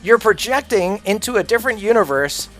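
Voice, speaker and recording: A man's voice: high voice, expressive, brisk, a bit bright, soft background music. A man livestreaming a game, ranting casually in a blunt, profane, opinionated way. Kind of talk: casual rant while gaming.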